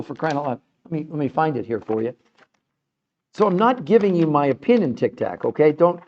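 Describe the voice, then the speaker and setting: A man's voice: sits high, darkish tone, muffled recording. A middle-aged man hosting a health show, talking passionately to viewers in a livestream and repeating himself as he argues a point. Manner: passionate, emphatic, argumentative; repeats words and restarts when fired up. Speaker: health show host answering viewer comments. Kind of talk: livestream talk.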